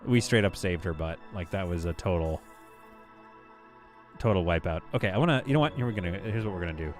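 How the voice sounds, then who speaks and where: A man's voice: sits low, lively intonation, fast talker, faint music behind. Chatty male game streamer. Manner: chatty, laughing often, reads chat aloud. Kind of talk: live game streaming, reading chat.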